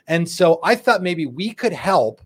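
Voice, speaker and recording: A man's voice: on the high side, big pitch swings, unhurried, breathy edge. A man hosting a live cigar show, joking and bantering playfully with his co-hosts and viewers. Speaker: podcast host.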